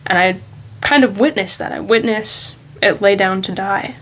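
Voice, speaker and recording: A woman vlogging in a loose, rambling way, thinking aloud and speaking candidly at an ordinary, middle pitch. A faint hiss of background noise sits beneath her voice. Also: normal speed, fairly bright tone, rough recording. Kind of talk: casual reflective monologue.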